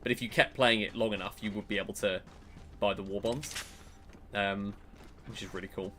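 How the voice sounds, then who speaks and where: A man, hosting a podcast stream and chatting excitedly while playing a game. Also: lowish voice, brisk, noisy background.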